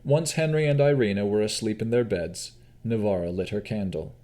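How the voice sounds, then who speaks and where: A man narrating a fantasy audiobook with expressive storytelling. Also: fairly low pitch, moderate pace. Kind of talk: scripted narration.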